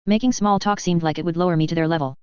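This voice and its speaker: Clear, low-pitched woman narrating an audiobook. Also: fairly even intonation, very fast, darkish tone, no echo. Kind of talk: first-person audiobook narration. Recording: slightly dull recording.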